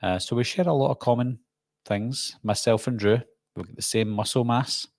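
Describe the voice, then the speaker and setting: A man's voice: medium pitch, moderate pace, creaky, dry recording, studio quality. A middle-aged man with a Glaswegian Scottish accent, hosting a casual live-stream Q&A and chatting about viewer comments as he reads them. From Scotland. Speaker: host.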